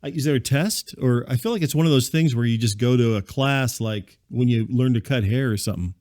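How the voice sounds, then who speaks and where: Deadpan rambling man with a dry voice. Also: mid-range voice, fairly quick, no room sound. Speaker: podcast host and narrator. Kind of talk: comedic monologue.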